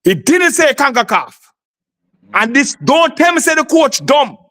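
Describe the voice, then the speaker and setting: A man's voice: very high voice, sing-song, unhurried, pushed and bright. A man arguing heatedly on a sports talk show, insisting and repeating his points. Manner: insistent, repeats himself, talks over others.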